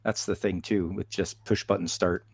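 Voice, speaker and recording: A man's voice: deep voice, little pitch movement, normal speed, gravelly, husky, no echo, studio quality. A man with a Canadian accent who operates heavy equipment, chatting casually and telling stories with chuckles. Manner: chuckling, storytelling. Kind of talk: casual voice chat.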